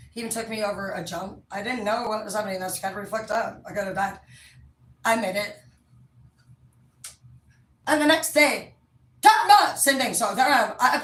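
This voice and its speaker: A woman's voice: mid-range voice, a bit bright. A woman telling a long story in a blunt, rambling, profane casual chat. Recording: echoey room, mic at a distance.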